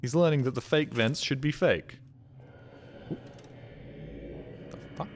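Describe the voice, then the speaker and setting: A man streaming a game live, muttering sarcastic commentary and breaking into excited outbursts. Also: mid-range voice, measured pace.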